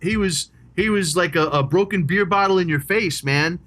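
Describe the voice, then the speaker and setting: A man's voice: high-pitched, normal speed, a bit bright. A middle-aged man, chatting casually and enthusiastically as a podcast co-host, rambling and swearing freely. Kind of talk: casual chat about rock music.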